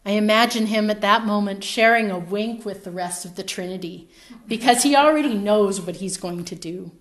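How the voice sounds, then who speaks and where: Woman preacher telling a story in a sermon, thoughtful, lines fade out soft at the ends. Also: mid-range voice, moderate pace. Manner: reflective storytelling, phrases trailing off softly.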